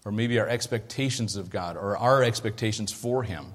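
A man's voice: fairly low pitch, normal speed. A man preaching a sermon as pastor, in a conversational way, often checking that his listeners are following. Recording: long hall reverb.

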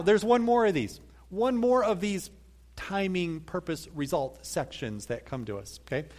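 Guy preaching a sermon, fairly high voice, reads verses then breaks them down, gets lively on key points. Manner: explains scripture step by step, reads verses aloud, lively emphasis. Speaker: pastor.

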